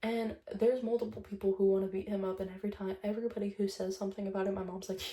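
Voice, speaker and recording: A woman's voice: mid-range voice, flat delivery, fast, dark tone, roomy sound. A young woman vlogger telling a breakup story in a chatty, casual monologue, swearing often and retelling conversations line by line.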